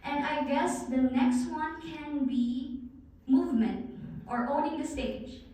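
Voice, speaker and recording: A woman's voice: high voice, takes it slowly, warm tone, slight background noise. A woman giving a guest talk on presentation skills, coaching the audience and speaking straight to them in a large hall. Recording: very echoey hall, far from the mic.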